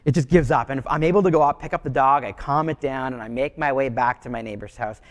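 A man's voice: mid-range voice, fast, in a large hall. A man giving a sermon as pastor, preaching in a conversational, storytelling way.

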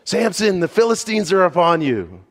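A man voicing a scheming woman who taunts her lover with a shrill cry. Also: big pitch swings, moderate pace, husky, full character voice. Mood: taunting cry. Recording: long hall reverb.

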